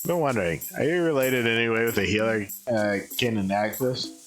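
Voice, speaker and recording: A man's voice: mid-range voice, brisk, fairly bright tone, faint music behind, natural voice. A man reading the lines of a curious, polite young female dinosaur traveler from a game on a live stream. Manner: polite and inquisitive, plainly read.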